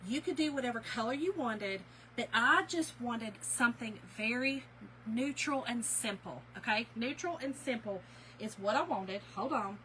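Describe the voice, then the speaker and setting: A woman's voice: fairly high pitch, animated, normal speed, bright, forceful tone, slight background noise, rough recording. A middle-aged woman, giving a chatty, folksy live craft demo and calling her viewers y'all. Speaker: craft instructor.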